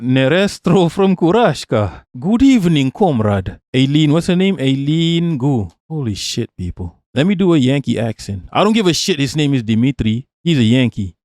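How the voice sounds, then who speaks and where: A man's voice: medium pitch, no room sound. Profane, mocking male streamer, dry sound. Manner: profane, mocking, rhetorical questions, frequent laughs. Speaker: streamer reacting to a video. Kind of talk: casual reaction stream.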